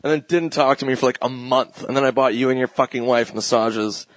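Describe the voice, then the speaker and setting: A man's voice: mid-range voice, fairly even intonation, brisk, no echo. A man guesting on a comedy podcast, telling loose rambling stories and laughing often. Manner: laid-back, laughing, rambling anecdotes. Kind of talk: casual storytelling chat.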